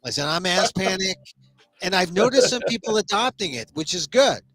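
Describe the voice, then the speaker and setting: A man's voice: high voice, fast talker, slightly rough. An older man hosting a talk show, chatting casually and playfully toying with words. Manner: animated, playful with wordplay. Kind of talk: casual conversation.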